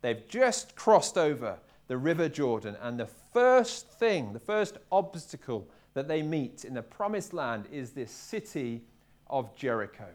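A man from England preaching a sermon to a live congregation, talking in a relaxed, conversational way and often repeating his words as he goes. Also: mid-range voice, unhurried. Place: church hall with a live congregation.

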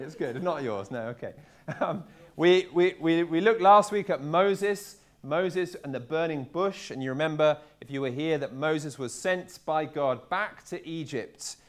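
A man from England preaching a sermon to a live congregation, talking in a relaxed, conversational way and often repeating his words as he goes. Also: on the high side. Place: church hall with a live congregation.

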